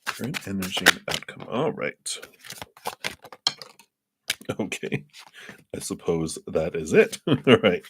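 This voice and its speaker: A man's voice: sits low, sing-song, takes it slowly, pauses often, very noisy. A man giving tarot readings on a live stream, chatty and thinking aloud, laughing often between thoughts. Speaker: tarot reader.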